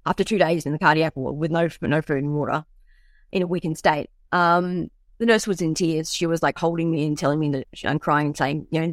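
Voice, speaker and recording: A young woman tells her own story in a halting way, full of fillers and restarts. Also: deep voice, steady tone, no echo, studio quality. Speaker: guest sharing her illness story. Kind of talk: personal storytelling.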